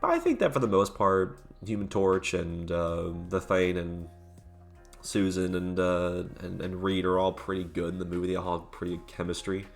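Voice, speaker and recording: A man's voice: low voice, expressive, moderate pace, gravelly, soft background music. A man giving a casual, rambling movie review, full of "like" and "uh" fillers and the odd swear word.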